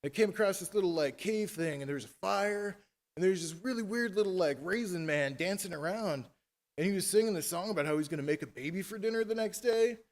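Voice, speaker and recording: A man's voice: sits high, a little fast, big-room sound. A man doing a bragging castle guard. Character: boastful male castle guard, hungover.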